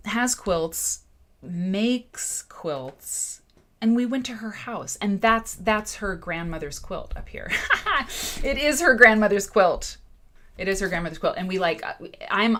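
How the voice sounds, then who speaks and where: Chatty, animated woman hosting a quilting show. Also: fairly low pitch. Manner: chatty and animated, with many restarts and asides to viewers. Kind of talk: casual live-stream chat.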